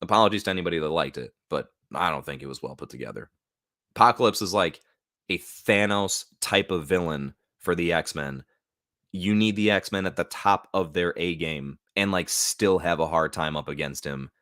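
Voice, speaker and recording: A man's voice: deep voice, moderate pace, fairly bright tone, no room sound, clean studio sound. An American man hosting a casual live stream, rambling loosely with lots of fillers. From United States. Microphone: new studio mic.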